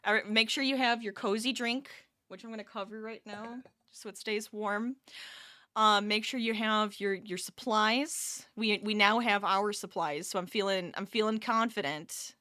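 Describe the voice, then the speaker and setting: A woman's voice: mid-range voice, fairly even intonation, normal speed, pushed and bright, dry recording, clean studio sound. A tired woman chatting casually with her viewers during a live crochet stream from her home office, laughing often and reading chat aloud.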